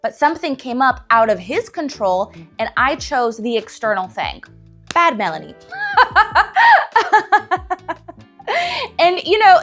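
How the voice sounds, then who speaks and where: A young woman casually telling stories to camera and acting out the voices of people in them. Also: sits high. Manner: animated, acts out quoted voices. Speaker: relationship advice vlogger.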